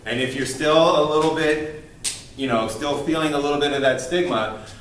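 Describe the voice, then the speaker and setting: A man's voice: on the high side, moderate pace, fairly bright tone, slight background noise. A man giving a recorded university lecture, speaking earnestly and emphatically with frequent restarts. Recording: distant mic in an echoey room.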